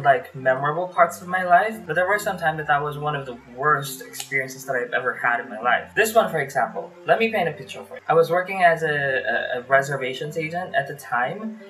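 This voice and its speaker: A man's voice: a little high, fairly quick, a bit bright, soft background music, poor audio. Chatty Filipino man vlogging from his room. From Philippines. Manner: chatty, lots of "like" fillers, acts out phone calls. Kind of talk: casual storytelling vlog. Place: small hot bedroom with fan running.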